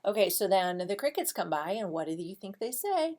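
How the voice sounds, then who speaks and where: A woman teacher explaining a read-aloud lesson in a patient, unhurried way, with frequent ums. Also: medium pitch, very animated, darkish tone.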